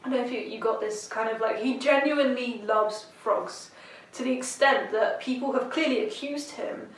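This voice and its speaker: A woman's voice: a little high, normal speed. A woman chatting casually, loose and chatty with fillers and laughs. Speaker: podcast co-host. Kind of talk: casual chat, music review. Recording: echoey room, distant mic, faint noise.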